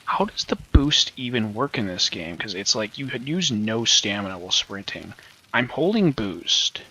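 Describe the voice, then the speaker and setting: A man's voice: lowish voice, big pitch swings, normal speed, sharp tone, husky. A man hosting a let's play, rambling, joking and swearing as casual gameplay commentary.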